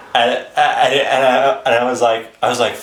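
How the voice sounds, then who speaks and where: A man's voice: medium pitch, a little hiss or hum. A man casually telling his life story on a vlog, rambling and swearing freely, with chuckles between phrases. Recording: roomy echo.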